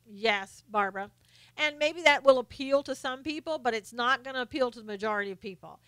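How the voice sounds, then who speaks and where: A woman's voice: a little high, brisk, pushed and bright, smooth, no room sound. A woman hosting a political commentary live stream. She is blunt and opinionated, lists her points one by one, and answers viewers' comments by name.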